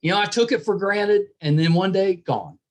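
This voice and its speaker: A man's voice: sits high, moderate pace. A middle-aged man from West Virginia with a West Virginian accent, hosting a podcast interview in casual, jokey chat full of fillers and restarts. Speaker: podcast host.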